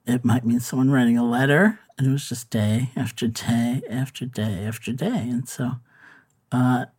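Meditation-teacher author, male, unhurried reflective answers, average pitch. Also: fairly even intonation, a little mellow, slightly rough. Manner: thoughtful, unhurried, with frequent fillers and restarts.

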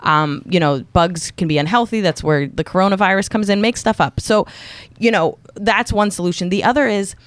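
A woman's voice: mid-range voice, fairly quick, no room sound. Blunt woman comedian giving advice. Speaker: comedian guest. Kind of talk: casual comedic chat.

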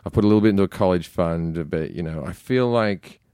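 A comedian guest on a casual podcast tells stories in a low, warm, smooth voice at a fairly quick clip. He swears freely, stammers and restarts. The recording is studio quality with no room sound.

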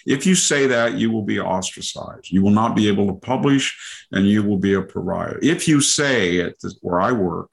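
A man's voice: lowish voice, moderate pace, creaky. An older man hosting a podcast, giving discursive political commentary that piles up lists and mock quotations. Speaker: podcast host.

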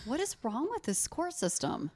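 A woman's voice: sits high, wildly swooping pitch, normal speed, a little mellow. A woman co-hosting a podcast, reacting to a story with shocked exclamations and questions. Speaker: podcast co-host. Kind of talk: casual chat.

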